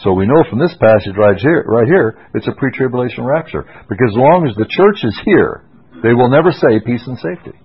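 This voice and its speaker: A man's voice: mid-range voice, animated, fairly quick, breathy edge. A man preaching an expository Bible sermon, emphatic and insistent, pressing his points hard. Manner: emphatic, rising to forceful insistence. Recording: dull lo-fi radio broadcast.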